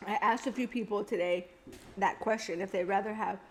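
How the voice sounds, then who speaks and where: A woman's voice: medium pitch, steady tone, fairly quick, slight background noise. A young woman co-hosting a casual podcast chat, teary and in pain from eating something very spicy, groaning her complaints. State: in pain from hot chip, teary. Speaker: podcast co-host.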